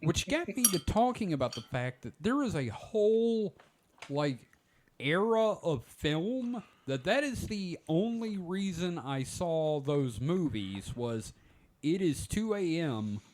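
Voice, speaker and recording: A man's voice: fairly high pitch, very animated, slow pace, darkish tone. A man in his forties hosting a podcast, telling rambling stories in casual chat. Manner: rambling storyteller, many "like" fillers. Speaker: podcast host.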